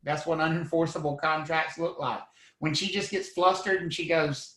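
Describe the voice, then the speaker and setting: During a live online real estate lecture, a male instructor with a fairly high voice keeps a moderate pace, energetically questioning the class and playing out courtroom scenes. Poor audio and an echoey room color the recording.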